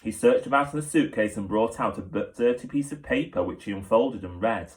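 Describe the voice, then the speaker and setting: Teacher guy reading a kids book out loud, steady and clear. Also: on the low side, a little fast. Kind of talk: reading a children's book aloud.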